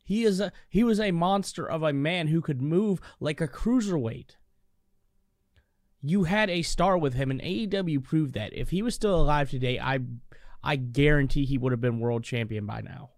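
A man's voice: a little high, moderate pace, no echo, clean studio sound. Opinionated man in casual chat. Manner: opinionated, stumbles over restarts.

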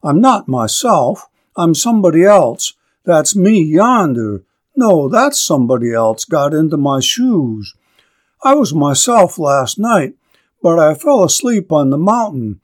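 A man's voice: lowish voice, a little mellow, full character voice. A man reading aloud and voicing a bewildered, ragged old man who pleads anxiously in a raised, strained voice. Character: bewildered old man, ragged, back after twenty years.

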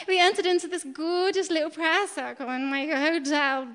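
A woman giving a chatty, storytelling sermon in a church hall, animated and quick to laugh at herself. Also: sits high. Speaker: preacher. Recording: long hall reverb.

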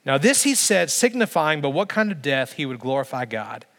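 A man preaching a sermon as pastor, emphatic, building through repeated phrases with slow dramatic pauses. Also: fairly high pitch, sing-song, a bit bright. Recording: long reverb of a large hall.

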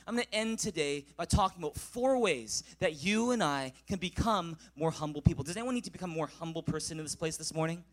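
High-voiced male pastor preaching. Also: lively intonation, fast, few pauses. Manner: call-and-response preaching, rising loud for scripture. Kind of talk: sermon.

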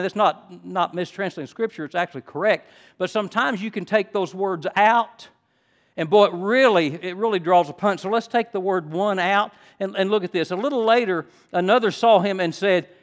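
Older preacher with a slightly high voice. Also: male voice. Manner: teaching, building to loud emphatic stresses. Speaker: pastor. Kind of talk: sermon.

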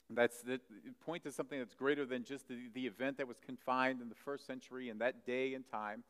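Male pastor, mid pitch, animated delivery with loud peaks and hushed asides, long reverb of a church hall. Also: fairly quick, hardly any pauses. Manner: animated, swings between loud emphasis and soft asides. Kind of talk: sermon.

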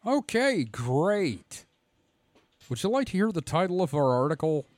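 A hoarse man co-hosting a podcast in casual, joking, profane banter. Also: a little high, sing-song, unhurried, dry recording. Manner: joking, profane, reads stories aloud. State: hoarse throat. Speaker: podcast co-host.

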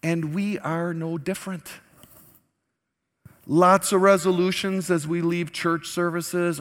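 A man preaches in a slightly higher-than-average voice, his words ringing in a long hall reverb. He tells the story with animated shifts, acting out the quoted lines. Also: slow. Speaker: pastor. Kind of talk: sermon.

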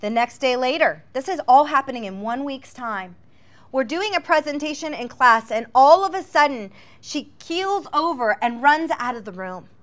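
A woman telling her missionary testimony as a dramatic personal story, earnest and often dropping to a hushed voice. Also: high-pitched, expressive, moderate pace. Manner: earnest, drops to a hushed voice at tense moments.

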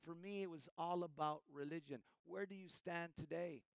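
Preacher with a dry, close sound. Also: male voice, on the high side, normal speed, vocal fry, smooth, no echo, low-quality recording. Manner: emphatic preaching, shifts between loud and hushed; addresses listeners as church. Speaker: pastor. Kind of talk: sermon.

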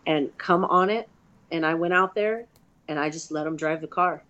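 A woman's voice: low voice, moderate pace. A woman, a grappler and fighter, telling stories in a chatty, profane way as a guest in a casual interview. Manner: chatty, profane, animated storytelling.

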